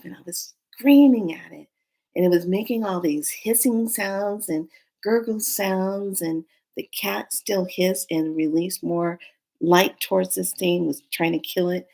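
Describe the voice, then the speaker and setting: A woman telling a dream story in a casual, unhurried monologue, acting out the voices she quotes. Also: on the low side, gravelly, a little mellow. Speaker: spiritual storyteller.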